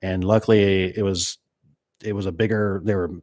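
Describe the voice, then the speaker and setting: A middle-aged man from Michigan with a deep, low voice talks casually to his viewers about door and gate work. He rambles from one story to the next. The sound is dry and close, with no room echo. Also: level tone, normal speed, darkish tone. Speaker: door and gate installer hosting a live stream. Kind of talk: casual chat reading viewer comments.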